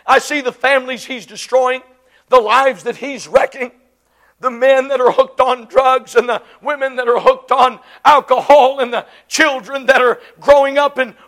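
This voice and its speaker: A woman preaching a sermon, impassioned and emphatic, swinging from loud declarations to hushed lines. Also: high voice.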